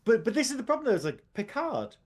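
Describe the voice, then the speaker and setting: A man's voice: very high-pitched, very animated, fast, a little mellow. A man co-hosting a casual TV review podcast, rambling and swearing as he talks. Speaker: podcast co-host.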